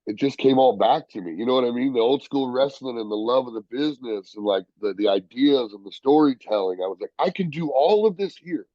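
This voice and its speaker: A man's voice: mid-range voice, fairly quick, few pauses, no echo, dull audio. Profane storytelling wrestler, man. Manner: profane, animated, acts out quoted people. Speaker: professional wrestler guest. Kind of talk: casual storytelling interview.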